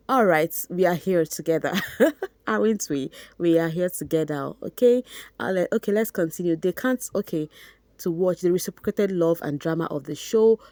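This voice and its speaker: Nigerian girl doing a gossip vlog, reads a post and laughs at it a lot, dark mellow tone, dry close mic. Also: fairly low pitch, no room sound. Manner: laughs often, animated and mocking. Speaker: gossip vlogger. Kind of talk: reading and reacting to a reality show post.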